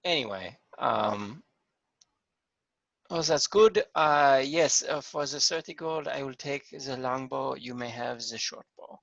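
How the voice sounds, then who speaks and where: A man playing a tabletop game, chatty and joking, with a halting way of talking. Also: medium pitch, gravelly, fairly bright tone, no room sound, lo-fi sound. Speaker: player. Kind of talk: casual tabletop game chat.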